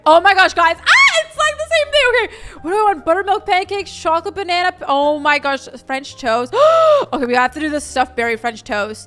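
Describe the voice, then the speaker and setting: Bubbly high-voiced young woman gamer. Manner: bubbly, excitable, lots of "oh my gosh" and "like". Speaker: gaming YouTuber. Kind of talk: casual gameplay commentary.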